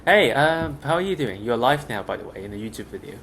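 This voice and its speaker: A young man casually talking through a software demo, loose and chatty with many fillers, recorded at a desk mic. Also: medium pitch, sing-song, fast, vocal fry. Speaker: tech tutorial host. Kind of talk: casual screen-share walkthrough. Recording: noisy background with keyboard clicks.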